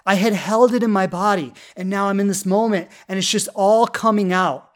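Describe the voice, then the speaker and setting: Woman, 30s, love coach; earnest heartfelt storyteller, plenty of fillers, middle pitch. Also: fairly even intonation, normal speed. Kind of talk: personal storytelling talk.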